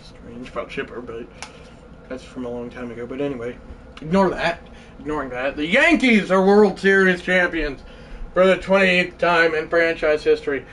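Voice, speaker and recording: Excitable high-pitched male streamer. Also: moderate pace, slight background noise. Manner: excitable, shouts celebrations then drops to low mumbles. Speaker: livestream host. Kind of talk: live video game play-by-play.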